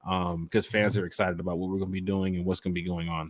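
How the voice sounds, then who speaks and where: A man's voice: deep voice, level tone, quick pace, hardly any pauses, dry recording. A man hosting a casual fan podcast, talking straight to listeners in a loose, upbeat, slangy way. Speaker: podcast host and fan club organizer. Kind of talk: casual chat.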